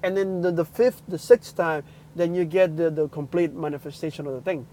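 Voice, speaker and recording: A young man telling a personal story in a casual livestream, excitedly acting out the people in it. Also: fairly high pitch, brisk, rough recording. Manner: excitable, acts out quotes loudly. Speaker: livestream host.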